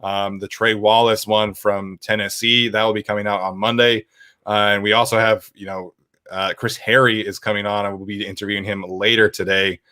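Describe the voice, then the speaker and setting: A man's voice: lowish voice, little pitch movement, moderate pace, pushed and bright, clear, resonant tone, no room sound, clean studio sound. A young man hosting a casual sports podcast, reading out viewer questions and rambling with lots of fillers. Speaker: podcast host.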